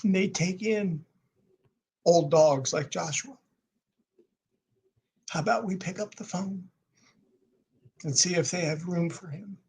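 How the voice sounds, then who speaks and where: A man voicing a kind female shelter worker who speaks gently and helpfully, in a husky voice. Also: high voice, slow, pauses often, full character voice. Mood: gentle.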